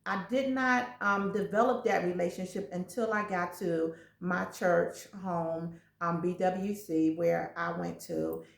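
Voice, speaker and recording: A woman's voice: fairly low pitch, unhurried, vocal fry, few pauses. A woman guest speaking earnestly in a casual faith talk, sharing her own story. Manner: earnest, testimonial, speeds up when excited. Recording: echoey room.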